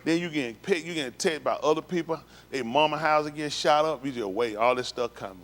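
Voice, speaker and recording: Brisk and a bit bright, this fairly high-pitched man shares a personal testimony with the congregation during a synagogue livestream. His storytelling is emphatic and repetitive, full of plain street slang.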